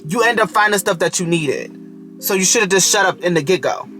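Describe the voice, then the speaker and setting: A man's voice: high-pitched, lively intonation, a little fast, bright, forceful tone, faint music behind. A man casually reviewing a TV show in a video, talking straight to the characters and often breaking into giggles.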